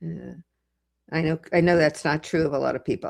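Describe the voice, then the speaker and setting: Woman, gravelly voice, lowish pitch, casual livestream chat, sounds out words slowly. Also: darkish tone. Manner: chatty, amused, sounds out foreign words slowly. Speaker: legal commentator and livestream host. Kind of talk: casual livestream chat reading viewer comments.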